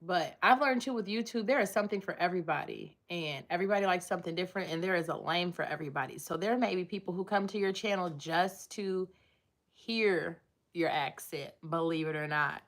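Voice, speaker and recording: Speaking a little fast in a lowish voice, this woman runs a casual livestream from her home. She chats and rambles as she goes through viewer comments and answers them.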